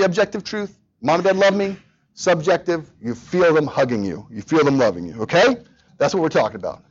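Man, pastor, sermon, high lively voice, dull lo-fi sound. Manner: animated, speaks directly to children.

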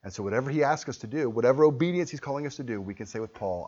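A man preaching a sermon as a pastor, animated, acting out the voices he quotes and then dropping to quiet intensity. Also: medium pitch, racing, hardly any pauses, highs cut off. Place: church hall with a congregation.

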